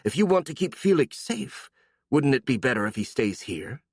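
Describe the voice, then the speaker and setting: Brief: storybook monster queen, smug and easily startled, voiced by a man, lifted pitch, dry studio sound. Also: very animated, normal speed, slightly rough, no room sound. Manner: smug, then easily surprised.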